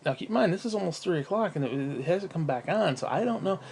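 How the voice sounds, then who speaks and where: A man's voice: high voice, expressive, fast, vocal fry, darkish tone, slightly rough. A man venting at home in a casual vlog, profane and sighing as he rants. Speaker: vlogger.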